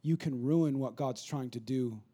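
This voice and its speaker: A man in his thirties, a pastor, preaching a sermon in a conversational way that builds into rapid, repetitive crescendos. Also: medium pitch, warm tone, breathy edge.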